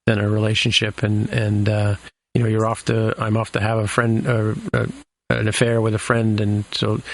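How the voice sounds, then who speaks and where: A man's voice: on the low side, monotone, moderate pace, vocal fry, slight background noise. A man hosting a podcast, recapping a TV episode in a loose, rambling way with lots of fillers and restarts. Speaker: podcast host.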